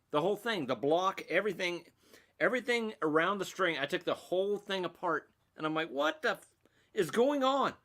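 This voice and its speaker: A man's voice: on the high side, fairly bright tone. Rambling middle-aged man chatting on a livestream. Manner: rambling, self-mocking, reads and answers chat comments. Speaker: livestream host. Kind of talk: casual livestream chat.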